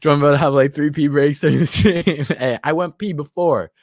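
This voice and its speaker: A man's voice: on the high side, fairly even intonation, a little fast, no echo, clean studio sound. A man in his twenties hosting a casual livestream, a bit tipsy, bantering loosely and reading out chat comments. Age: 20s. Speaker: livestream host.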